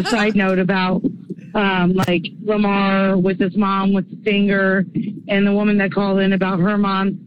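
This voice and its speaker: A woman's voice: mid-range voice, dry recording. Chatty woman from Oklahoma on a muffled voicemail. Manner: chatty, rambling, self-mocking. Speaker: listener leaving a voice message. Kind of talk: casual voicemail story. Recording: muffled phone-app message.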